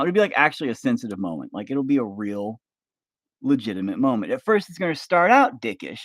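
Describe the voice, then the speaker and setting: A man in a casual, profane, rambling monologue, pitching a movie plot while working with his hands at home. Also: big pitch swings, brisk, fairly bright tone, dry recording, studio quality. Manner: rambling, profane, acts out scenes. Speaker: vlogger pitching a film idea. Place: home office while carving.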